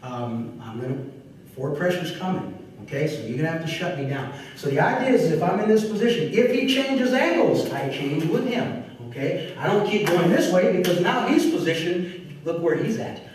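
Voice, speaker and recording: A man teaching a martial arts seminar, animated, talking while he demonstrates moves. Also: high-pitched, moderate pace, slight background noise. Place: large echoey training hall. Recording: echoey hall recorded from far off.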